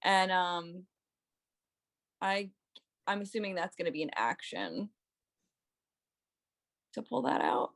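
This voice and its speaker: A woman's voice: medium pitch, animated, slow, gravelly, pauses often. A woman talking through her turn in a tabletop game. Her voice sits mid-range but swings widely as she talks. She is casual and playful, with lots of ums and likes. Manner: chatty, playful, many fillers. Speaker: player.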